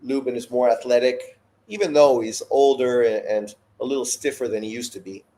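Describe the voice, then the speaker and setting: A man hosts a live boxing watch-along in a voice of ordinary middle pitch. He talks bluntly and swears often, mixing fight analysis with opinionated rants. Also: a little fast, mellow. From Canada. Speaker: boxing show host.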